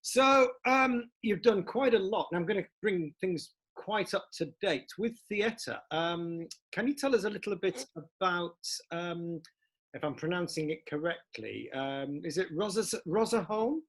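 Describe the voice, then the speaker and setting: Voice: medium pitch, animated, a little slow, a bit bright. An interviewer asking an actress about her career, encouraging her with short replies. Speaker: interviewer host. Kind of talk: conversational interview.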